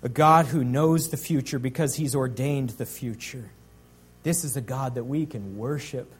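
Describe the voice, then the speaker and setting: A man preaching a sermon as pastor, earnest, slowing and swelling on key phrases. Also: medium pitch, breathy edge.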